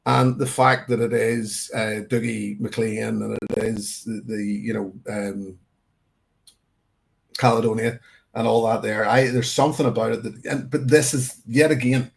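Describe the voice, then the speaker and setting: Man, gravelly voice, rambling live whisky tasting chat, casual. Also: medium pitch, darkish tone. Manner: rambling, self-correcting, conversational. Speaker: whisky channel host.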